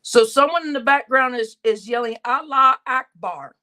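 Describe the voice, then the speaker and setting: Rambling woman streamer with a higher voice. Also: brisk, a bit bright. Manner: rambling, stumbling restarts, blunt exclamations. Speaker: reaction stream host. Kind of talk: casual commentary on a played recording.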